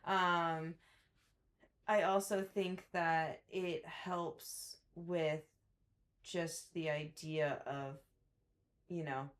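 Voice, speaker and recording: Woman cohosting a book podcast, low-ish voice, chatty, swears a bit. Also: steady tone, drawn-out words, long pauses. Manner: chatty, swears, acts out characters' lines. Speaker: podcast co-host. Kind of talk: casual book discussion.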